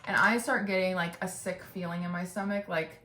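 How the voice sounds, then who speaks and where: A woman's voice: on the low side, a little fast. A young woman in her twenties telling a long personal story in a casual podcast chat, swearing freely, filling her talk with "like" and mimicking the people she talks about. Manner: chatty, swears freely, full of "like", mimics others with animated bursts. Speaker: podcast host. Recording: roomy echo.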